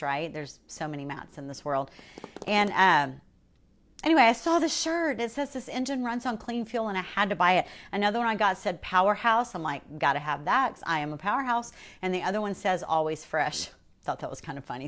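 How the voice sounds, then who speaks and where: Lively chatty woman hosting a livestream. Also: fairly low pitch. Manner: chatty, reads viewer comments aloud. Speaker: host. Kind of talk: casual livestream chat while painting. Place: her workshop.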